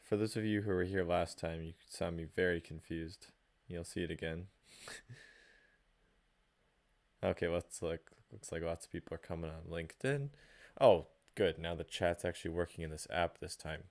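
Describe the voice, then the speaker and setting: A man hosting a live question-and-answer stream, chatting casually, greeting viewers by name, halting with fillers and restarts. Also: sits low, darkish tone. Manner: reads out viewer names and greets them.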